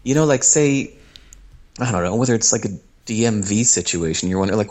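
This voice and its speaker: A middle-aged man telling stories as an interview guest, animated, acting out quoted voices and laughing as he goes. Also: on the low side, brisk. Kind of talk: storytelling interview.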